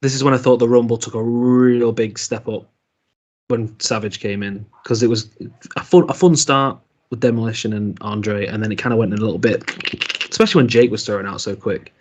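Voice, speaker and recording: A man's voice: fairly low pitch, fairly even intonation, brisk, a little mellow, lo-fi sound. A man co-hosting a podcast, talking casually with friends and laughing often. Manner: chatty, laughs often, swears. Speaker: podcast co-host. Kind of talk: casual chat.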